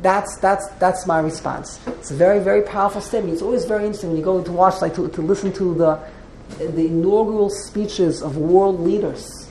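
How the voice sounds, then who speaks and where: A woman's voice: on the low side, brisk, warm tone, a little hiss or hum. Woman lecturing in a roomy echo. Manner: repeats and restarts words while explaining. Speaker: teacher of a text class. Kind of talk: classroom lecture with questions.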